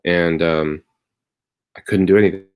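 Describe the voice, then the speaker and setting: A man's voice: low-pitched, steady tone, measured pace, clear, resonant tone. A comedian telling a rambling personal story on a live stream from his bedroom at home, wry at moments and tender at others. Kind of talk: casual confessional monologue.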